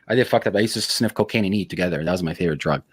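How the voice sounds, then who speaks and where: A man hosting a podcast, telling blunt, profane stories in a fast, hyperactive way. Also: slightly rough, no room sound, studio quality. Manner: blunt, profane, high-energy storytelling; self-described hyperactive. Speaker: podcast host. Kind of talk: casual interview chat.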